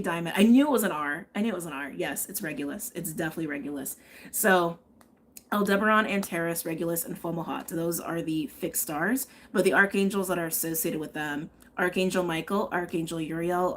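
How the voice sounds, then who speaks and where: A woman giving a live tarot and astrology reading, chatting and thinking aloud, often checking in with "okay?". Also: fairly low pitch. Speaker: tarot reader.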